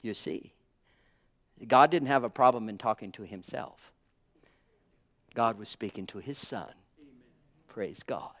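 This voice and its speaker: Fervent preacher man, loud then hushed. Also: fairly low pitch. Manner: fervent, swings between loud exclamations and quiet reflection; halting, with frequent uh and um. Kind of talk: sermon.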